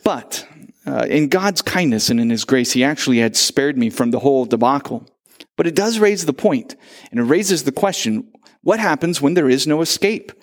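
A man preaching a sermon, telling stories animatedly and acting out the quotes. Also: on the high side. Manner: animated storytelling with acted-out quotes. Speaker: pastor.

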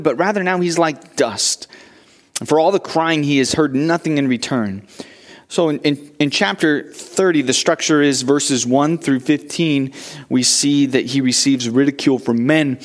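A man delivering a church sermon at a middle pitch. He talks to the congregation in a relaxed, conversational way, with frequent restarts. When he voices Job's lament, his voice climbs higher and grows more urgent. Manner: conversational preaching with repeated restarts. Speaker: pastor.

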